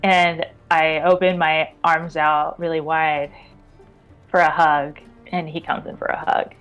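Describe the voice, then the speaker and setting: A woman playing a tabletop game, stammering and excitable as she describes her character's actions. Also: unhurried, smooth. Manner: excitable, stammering, breaks into high squeals in character. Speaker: player. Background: faint background music.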